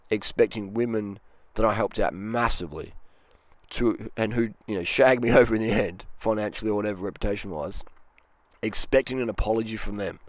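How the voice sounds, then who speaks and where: A man's voice: on the low side, dry recording. A man giving blunt dating advice in a rambling casual monologue, often acting out quoted voices.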